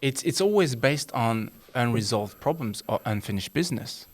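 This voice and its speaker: A man's voice: medium pitch, animated, normal speed. A man who is a psychologist, talking as a podcast guest and explaining earnestly with rhetorical questions. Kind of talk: casual conversation.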